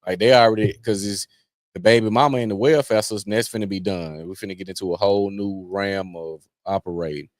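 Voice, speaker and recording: Deep-voiced co-host man, slangy. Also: fairly even intonation, a little fast, no room sound. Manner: low-key, slangy, short interjections. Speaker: podcast co-host. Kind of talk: casual podcast chat.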